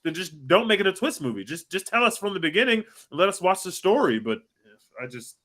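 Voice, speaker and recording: A man co-hosting a podcast, chatting casually about a movie in an animated, emphatic way. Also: high voice, fairly quick. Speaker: podcast co-host. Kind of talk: casual movie review chat.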